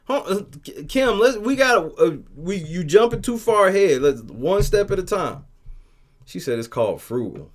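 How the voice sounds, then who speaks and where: A man hosting a casual livestream, talking profanely and telling stories with lively shouted bits as he reads the chat. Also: high voice. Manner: profane, animated storytelling with shouted quotes. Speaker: livestream host reading chat.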